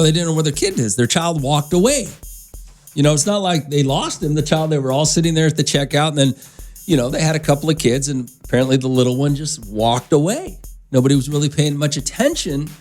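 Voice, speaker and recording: Man rambling on morning radio. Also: a little high. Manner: loose, rambling storytelling aside to listeners. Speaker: radio morning show host. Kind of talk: casual radio chat. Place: radio studio. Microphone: studio microphone.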